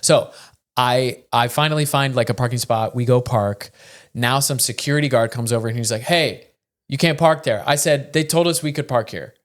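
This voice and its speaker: A man in the middle of a podcast story who keeps slipping into the voices of the people he describes. He talks in a relaxed, conversational way, with a pitch that sits in the middle range for a man. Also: a little fast. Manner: animated storyteller who acts out the people in his stories. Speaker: podcast co-host. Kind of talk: casual chat, storytelling.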